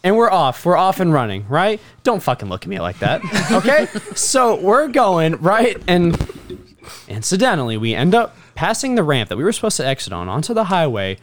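A young man tells a comic story as an exasperated rant, swearing freely and laughing through his own complaints. His pitch swings widely, from low grumbling to high, outraged peaks. He sounds like a podcast co-host sitting with friends. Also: wildly swooping pitch, moderate pace, a little hiss or hum. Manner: profane, exasperated, laughing ranter.

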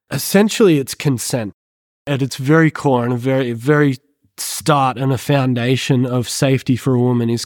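A man speaking as a counsellor on a podcast, earnest and excitable as he explains. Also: on the high side, no room sound, studio quality. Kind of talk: podcast discussion.

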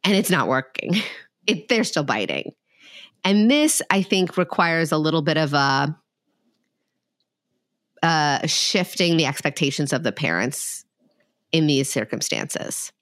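A woman psychologist talking casually and practically as a guest, candid and quick in bursts. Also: sits low, expressive, fairly bright tone, no echo, clean studio sound. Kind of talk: casual expert talk.

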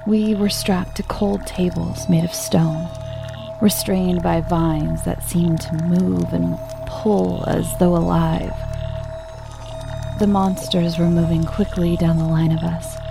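A woman giving a scripted story narration in a hushed, often half-whispered voice, with music playing behind her. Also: fairly low pitch, little pitch movement, slow, creaky.

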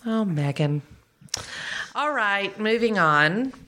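A woman's voice: mid-range voice, expressive, takes it slowly, pushed and bright. A woman with a Southern American accent, chatting and gossiping casually as a podcast co-host, with lots of fillers and laughter. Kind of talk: casual celebrity gossip chat.

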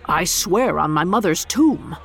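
A woman's voice: fairly low pitch, lively intonation, a little slow, vocal fry, breathy edge, soft background music, full character voice. Woman doing a boastful, blustering hunter. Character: boastful male monster hunter, proud and blustering.

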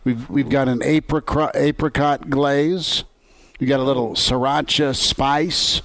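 A man's voice: mid-range voice, fairly even intonation, unhurried, fairly bright tone, no room sound, poor audio. A man hosting a sports radio show from his home kitchen, talking in a jovial, rambling way with many restarts. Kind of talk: casual sports radio chat.

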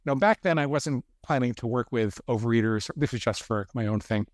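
Fast-talking guy in his 50s telling his own story, pokes fun at himself, dry close sound. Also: mid-range voice, no echo. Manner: brisk, self-deprecating storyteller. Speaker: guest author. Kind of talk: storytelling interview talk.

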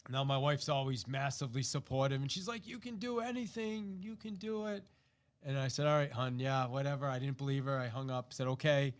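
An animated, middle-aged man hosting a podcast and telling a personal story. His voice sits fairly high for a man, and he acts out the quoted lines and often restarts his sentences. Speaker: podcast host. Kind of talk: personal story told to listeners.

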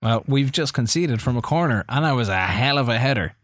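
A man's voice: medium pitch, a little fast, no echo. Irish podcast co-host, young adult man, calls his game as it plays out, dry close mic. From Ireland. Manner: running commentary on his own game, excitable bursts. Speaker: podcast co-host playing a football management game. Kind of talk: casual live-play chat.

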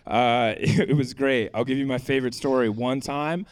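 A male comedian tells his stand-up set on a club stage, his voice caught by a handheld mic. He drops deadpan asides and laughs through his own punchlines. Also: mid-range voice, normal speed.

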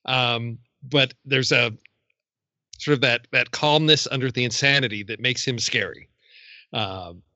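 A man's voice: medium pitch, unhurried, pushed and bright, no echo, highs cut off. A man in casual film talk, enthusiastic and full of "you know". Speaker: film podcast panelist.

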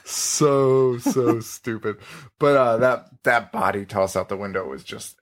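A man's voice: medium pitch, unhurried. A man hosting a podcast, chatting casually about a horror movie, laughing and acting out scenes. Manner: animated, laughing, acts out movie lines. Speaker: podcast host. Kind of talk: casual movie review chat.

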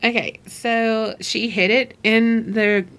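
A woman's voice: fairly high pitch, steady tone, slow, a bit bright. A woman co-hosting a podcast, telling ghost stories in a giggly, chatty way. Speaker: podcast co-host. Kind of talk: casual chat.

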